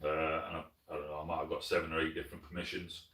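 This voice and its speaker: A man's voice: extremely low pitch, completely flat delivery, fast, bright, forceful tone, recorded from a distance. A man with a South Yorkshire accent hosts a live stream from his lodge, answering viewer comments in a friendly, plain-spoken way and often calling people mate. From Sheffield, South Yorkshire, England. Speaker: hunting channel host. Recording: echoey room, mic some way off.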